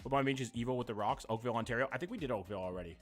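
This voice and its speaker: A young man, doing live-stream commentary, reacting to chat in a jokey, profane, animated way. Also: mid-range voice, rapid-fire, soft background music.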